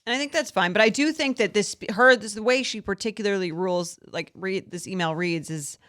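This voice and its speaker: A woman's voice: medium pitch, fairly quick, fairly bright tone. A woman co-hosting a podcast in casual chat, talking thoughtfully with frequent "like" fillers. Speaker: podcast co-host.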